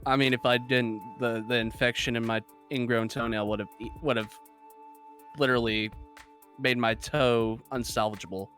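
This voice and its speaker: A man chatting casually as a tabletop game player, blunt and quick to swear. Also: mid-range voice, steady tone, a bit bright, soft background music. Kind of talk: casual chat.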